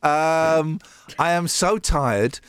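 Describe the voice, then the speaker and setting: A man hosts a radio show, bantering, reading out odd news stories and laughing often. He is jokey and does silly voices, and his slightly high, smooth voice draws out words with no audible room sound.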